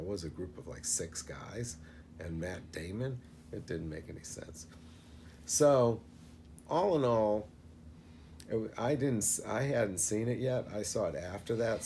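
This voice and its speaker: A man's voice: low-pitched, a little mellow, a little hiss or hum. A man reviewing a film in a casual, rambling retelling, full of fillers and asides.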